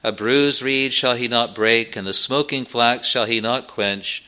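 A man preaching a sermon slowly and earnestly, pausing often with "uh" as he explains scripture. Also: medium pitch, steady tone, sharp tone, clean tone. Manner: slow, earnest preaching with frequent "uh" pauses.

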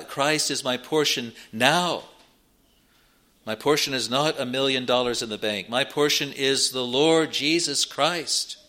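A man preaching a sermon, earnest, rising in pitch and force when he quotes scripture. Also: sharp tone.

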